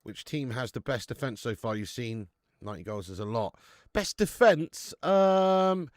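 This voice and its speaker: A man's voice: lowish voice, a little fast, no echo, studio quality. A man with a British English accent hosting a live football watch-along, bantering, swearing and reading out viewer chat. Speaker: host.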